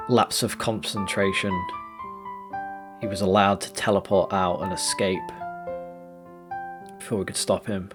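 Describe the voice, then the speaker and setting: A man playing a tabletop game, chatting casually and recapping with plenty of fillers. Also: fairly low pitch. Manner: hesitant recap with many fillers. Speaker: player.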